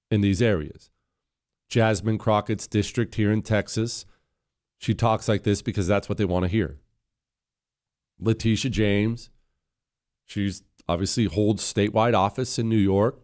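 A man's voice: lowish voice, darkish tone. A man giving political opinion commentary in a sarcastic, scornful way, hammering points through repetition.

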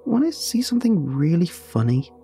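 A man's voice: a little high, sing-song, normal speed, gravelly, warm tone, faint music behind, voice pushed up. A man voicing a giggly, coy, unhinged young woman in a horror story. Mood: teasing. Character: giggly, unsettling young woman with broken body.

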